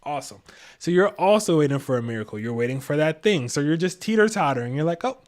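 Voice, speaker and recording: Male tarot reader, higher voice, casual slangy delivery, live reading. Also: lively intonation, quick pace. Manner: slangy, laid-back, chuckles to himself.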